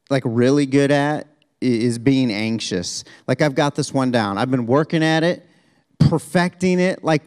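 A male pastor in a church gives a relaxed, chatty sermon. He stumbles and restarts often, pokes fun at himself, and swings between quick bursts and slow, soft stretches. His voice sits at an ordinary middle pitch. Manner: casual, self-deprecating, with many restarts. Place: church sanctuary, also streamed.

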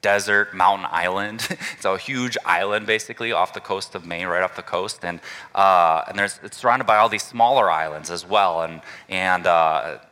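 A male pastor preaching a relaxed, conversational sermon and inviting the congregation to call out answers. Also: deep voice, normal speed, long reverb tail. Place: church sanctuary.

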